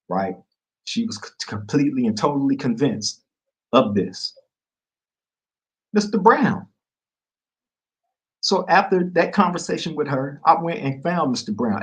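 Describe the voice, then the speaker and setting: A man's voice: mid-range voice, a little slow, pauses often, husky, poor audio. A man hosting a podcast, telling a story to camera in casual street slang and acting out the quotes. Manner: street slang, animated retelling with acted-out quotes. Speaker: podcast host.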